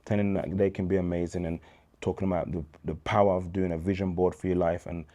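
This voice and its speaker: This is a man with a Birmingham accent whose voice sits very low and sounds dark and mellow. He talks in a relaxed, casual interview manner, but his storytelling turns lively and preacher-like, full of slang. He comes across as a man in his thirties. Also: fast talker. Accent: Birmingham English. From England. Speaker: guest, charity founder.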